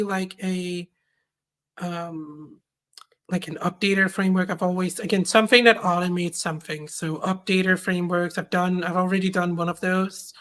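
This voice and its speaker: Young woman, slightly low voice, interview guest, rambling, lots of ums and likes. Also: a bit bright. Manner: rambling, searches for words with many ums and likes. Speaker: open source maintainer guest. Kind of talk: casual interview chat.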